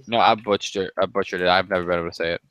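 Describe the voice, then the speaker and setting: A man co-hosts a casual sports chat, talking in a chatty way and laughing at his own slips. His voice sits low but sounds bright and crisp. The sound is dry and close, with no room in it. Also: steady tone, racing, no echo. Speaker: podcast co-host.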